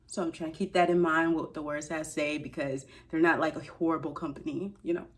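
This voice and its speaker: A woman's voice: sits low, flat delivery, a little fast. A woman, ranting in a casual vlog and talking straight to her viewers with slangy asides. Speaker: beauty shopping vlogger.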